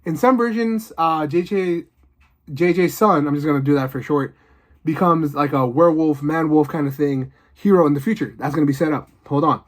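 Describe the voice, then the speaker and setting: Guy rambling about his movie ideas, kinda high voice, lots of like and you know. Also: normal speed. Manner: rambling, excited, lots of fillers. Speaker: video host. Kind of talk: casual pitch of fan movie ideas.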